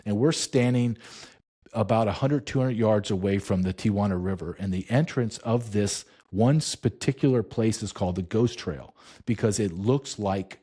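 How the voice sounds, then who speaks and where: A middle-aged man telling a story in an interview, emphatic and intense, slowing down for dramatic weight. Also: on the low side, mellow, slightly rough. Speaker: interview guest, former border agent.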